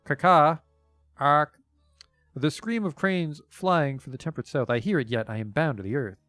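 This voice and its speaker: A man's voice: mid-range voice, lively intonation, fairly quick, dry recording, natural voice. A pale bird-beaked young man squawks and declaims with jealous drama, as a man puts him on. The sound is dry and close, with faint game music underneath. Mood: theatrical. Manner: squawking and poetic.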